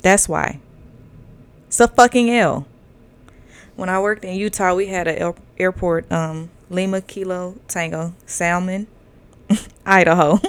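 A woman's voice: fairly low pitch, measured pace, pauses often, clear, resonant tone. A woman in her thirties hosting a casual podcast monologue, candid and profane, laughing often and drifting through fillers. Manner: loose drawling delivery with fillers. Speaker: podcast host.

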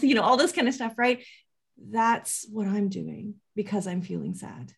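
A woman's voice: medium pitch, lively intonation, moderate pace, creaky, husky. A woman parenting coach talking in a casual conversation, earnest and often checking in with "right?". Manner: earnest, keeps asking "right?".

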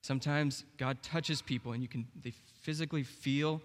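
A man's voice: mid-range voice, steady tone, normal speed. A young man preaching a sermon as pastor, in a casual, conversational way with frequent "like" and "okay". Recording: long reverb of a large hall.

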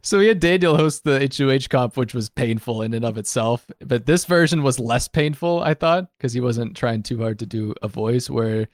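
A man's voice: mid-range voice, moderate pace, hardly any pauses, no room sound. Man, podcast host, casual rambling chat, laughs often, dry close mic.

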